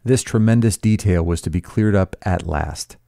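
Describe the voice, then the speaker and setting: A man's voice: low-pitched, normal speed, gravelly, dark tone, no echo, clean studio sound. A man reading a novel aloud as a teacher, breaking off for blunt, sarcastic, profane commentary.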